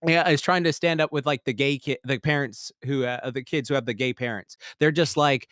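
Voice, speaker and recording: A man's voice: mid-range voice, fairly even intonation, fairly quick, fairly bright tone, clear, resonant tone, dry recording, studio quality. A man co-hosting a podcast, giving a casual, rambling review full of fillers and swearing. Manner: rambling, profane, many fillers, bursts into heated outrage. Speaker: podcast co-host.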